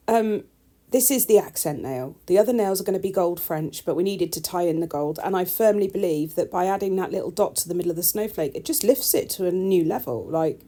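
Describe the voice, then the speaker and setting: Gravelly, mellow-voiced woman chatting. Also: medium pitch. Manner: chatty, self-deprecating, wry asides. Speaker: nail technician. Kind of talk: casual voice-over tutorial.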